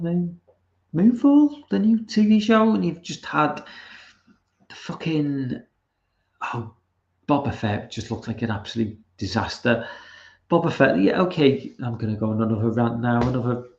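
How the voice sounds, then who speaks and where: This young man, hosting a stream, reads chat and rants with a casual mix of swearing and repeated restarts. His mid-range voice is a little mellow, and the sound is roomy, dull, and lo-fi.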